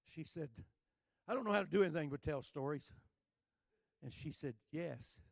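An older man from Texas with a Texan accent, telling a folksy, joking sermon story that builds to shouting. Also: fairly high pitch, moderate pace, creaky, no room sound, clean studio sound. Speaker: preacher.

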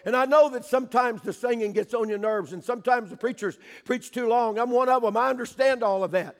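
An older man preaching a sermon in a church, fervent, swinging between shouted pleas and hushed storytelling. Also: very high-pitched, a little fast, big-room sound.

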